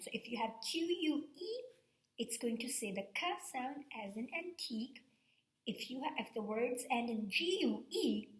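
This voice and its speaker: A woman teacher giving a recorded reading lesson to fourth graders, explaining step by step and checking in with "okay?". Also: fairly high pitch. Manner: slow, patient, explaining step by step with frequent "okay?". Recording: echoey room sound.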